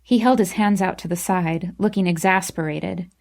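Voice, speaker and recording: A young woman narrating an audiobook in the first person, with expressive, emotional storytelling. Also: on the low side, moderate pace, gravelly.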